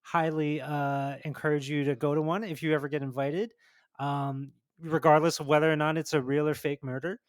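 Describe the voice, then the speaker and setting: A man's voice: on the high side, flat delivery, normal speed, smooth, no echo, studio quality. A man co-hosting a casual podcast, rambling with lots of "like" and "you know". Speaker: podcast co-host.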